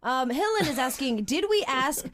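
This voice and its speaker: A woman's voice: high-pitched, big pitch swings, moderate pace, a bit bright. A woman hosting an interview and reading out fan questions. She is bubbly and giggly, reacting to answers with gasps and exclamations. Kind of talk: casual interview chat.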